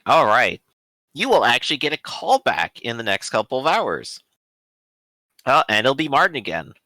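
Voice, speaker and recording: Lively, bright-voiced male game master. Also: medium pitch, moderate pace, no echo. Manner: relaxed, chatty, with fillers. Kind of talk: narrating a tabletop game.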